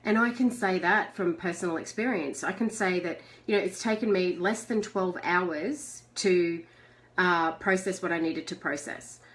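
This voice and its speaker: A woman's voice: on the low side, moderate pace, a bit bright. A middle-aged woman hosting a live video chat. She talks chattily, reads out viewer messages, and laughs often. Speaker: host.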